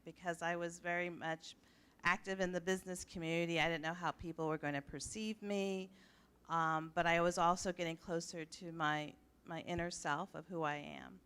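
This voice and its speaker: A woman's voice: lowish voice, fairly even intonation, normal speed, a bit bright, clear, resonant tone. An older woman with a Midwestern accent, sharing her personal story on a live panel in a reflective, earnest way. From United States. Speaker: panel speaker. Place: office event space.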